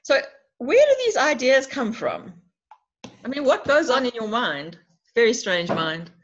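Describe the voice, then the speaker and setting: A woman's voice: a little high, very animated, a little slow. A woman hosting an online interview, asking enthusiastic questions over a video call. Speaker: interview host. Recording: dull lo-fi online call audio.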